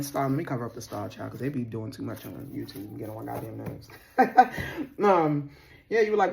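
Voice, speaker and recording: A young adult woman, doing a casual tarot reading in a sassy, animated way and swearing casually. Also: fairly low pitch. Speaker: tarot reader.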